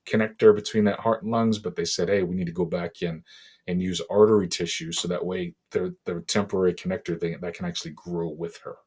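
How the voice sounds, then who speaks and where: Man, middle-aged, from Boston, very deep husky voice, halting emotional storytelling, interview guest. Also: steady tone, a little mellow. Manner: halting, emotional retelling with many fillers. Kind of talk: personal storytelling in a podcast interview.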